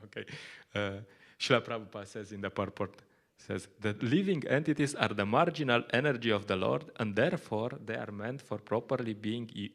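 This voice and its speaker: A man with Slovenian as his first language giving a conversational scripture class in English, often laughing and acting out little quotes. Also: on the low side. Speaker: lecturer at a temple.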